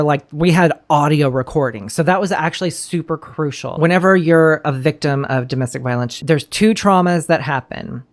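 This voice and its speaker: Woman host, casual recap commentary, blunt and emotional, swears a lot. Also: low voice.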